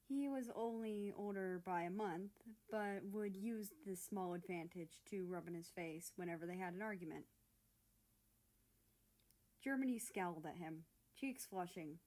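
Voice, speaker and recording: A woman's voice: medium pitch, normal speed. Woman reading fan fiction aloud. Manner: steady storytelling narration.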